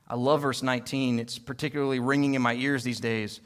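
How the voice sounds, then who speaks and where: A man preaching a sermon as pastor, with emphatic repeated phrases that build to loud peaks and then fall soft, mixed with homely family stories. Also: medium pitch, steady tone, brisk.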